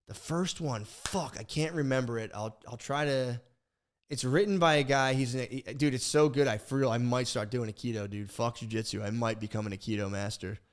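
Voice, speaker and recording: A young man co-hosting a podcast, telling a long rambling story in casual talk, profane and animated, with many restarts. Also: medium pitch, clean tone. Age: young adult. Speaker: podcast co-host.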